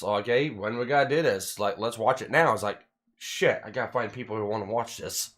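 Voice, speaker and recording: On his casual podcast, a host with a fairly low voice talks briskly through a long story full of heavy swearing and frequent restarts. It's a rambling, animated retelling.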